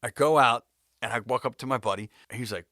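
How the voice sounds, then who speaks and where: A man's voice: mid-range voice, brisk, bright, forceful tone, no room sound, clean studio sound. A man, a music video director, telling a personal story in casual style, laughing often and swearing, with bursts and restarts.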